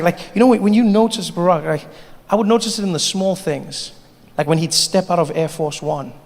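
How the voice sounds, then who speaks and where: Male comedian doing stand-up in a big hall. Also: fairly high pitch. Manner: animated storytelling, playful. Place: large live venue with audience. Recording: live hall with long reverb, faint ambience.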